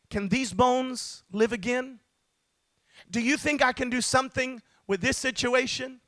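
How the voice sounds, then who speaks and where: A man, building from quiet storytelling to impassioned, shouted peaks. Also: extremely high pitch, no room sound. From United States. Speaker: preacher. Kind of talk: sermon.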